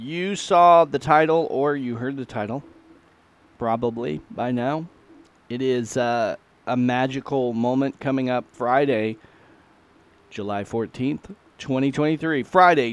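A middle-aged man, hosting his own podcast in a casual, folksy, self-deprecating ramble. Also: medium pitch. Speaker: podcast host and musician. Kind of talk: casual solo chat.

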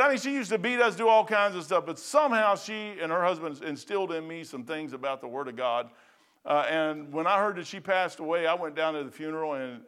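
A man's voice: a little high, fairly bright tone, clear, resonant tone. A middle-aged man preaching a folksy, conversational sermon full of asides as a pastor.

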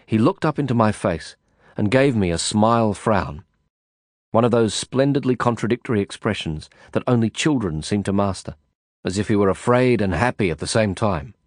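A man narrating a first-person novel in a measured, reflective storytelling manner. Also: on the low side, no room sound, clean studio sound. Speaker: audiobook narrator.

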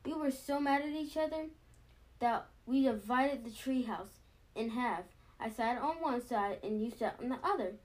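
Lady doing a calm little girl bear cub, gentle and sensible, fairly high voice. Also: moderate pace, natural voice.

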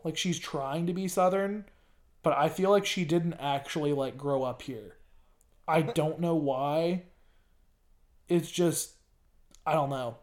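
A man's voice: on the high side, a little mellow. A man from the US South hosting a casual podcast, talking in a rambling, hesitant way with many ums. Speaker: podcast host. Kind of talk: casual chat.

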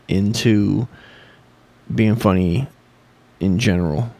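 A man's voice: on the low side, slow, dark tone, no room sound. A man hosting a podcast, rambling sarcastically and swearing constantly. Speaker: podcast host. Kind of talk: casual profane monologue.

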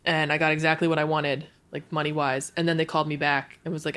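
A woman's voice: sits low, fast talker. Chatty woman in her thirties. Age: 30s. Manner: chatty, says "like" often, animated retelling. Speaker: guest, UX designer. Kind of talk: casual interview chat.

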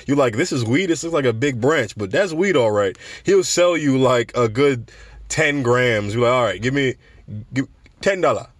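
Rambling podcast host from New York. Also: male voice, mid-range voice, no echo. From New York City. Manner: rambling, animated storytelling with frequent restarts and laughs. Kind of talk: casual podcast monologue.

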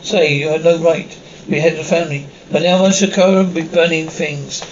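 A man reading subtitles and sound cues aloud in an even, unhurried way. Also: a little high. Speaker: reader of captions. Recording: dull lo-fi recording with faint hiss.

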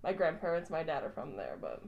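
A woman's voice: low voice, wildly swooping pitch, a little fast, creaky, highs cut off. A young woman co-hosting a podcast in casual chat, giggly and chatty with lots of fillers. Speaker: podcast co-host.

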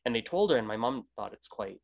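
A man's voice: medium pitch, animated, fast talker. A Canadian man hosting a casual interview, rambling with many restarts. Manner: rambling, many restarts, acts out quoted greetings. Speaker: podcast host.

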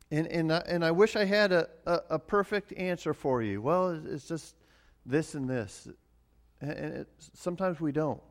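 A man's voice: fairly high pitch, lively intonation, normal speed. A middle-aged man preaching a sermon as pastor, earnest and often repeating words as he starts a phrase.

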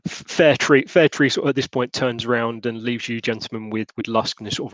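A man's voice: medium pitch, steady tone, a little fast, fairly bright tone, no echo, poor audio. A man narrating a tabletop game as game master, with frequent hesitations and restarts.

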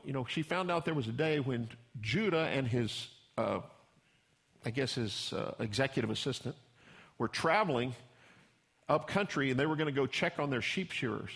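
A man's voice: mid-range voice, expressive, moderate pace, fairly bright tone. A man pastor preaching a sermon in a folksy storytelling way, acting out the characters he describes.

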